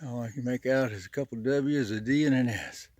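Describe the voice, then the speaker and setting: A man hiking a forest trail, narrating in a folksy, unhurried way as he thinks aloud, getting out of breath on the climbs. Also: mid-range voice, darkish tone, no echo. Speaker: hiker vlogger. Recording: outdoor trail noise.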